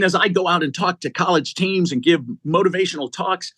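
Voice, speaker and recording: A man's voice: high voice, fairly quick, few pauses, breathy edge, dry recording. A middle-aged man, an executive search CEO, telling stories as a guest in an interview, acting out the people he quotes. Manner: animated storyteller, acting out quotes. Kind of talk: storytelling in an interview.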